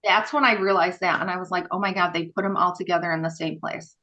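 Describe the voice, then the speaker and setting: A woman guest on a podcast, telling stories in a casual, animated way with many fillers and acted-out dialogue. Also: on the low side, quick pace, poor audio. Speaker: podcast guest, former group home worker. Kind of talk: casual interview storytelling.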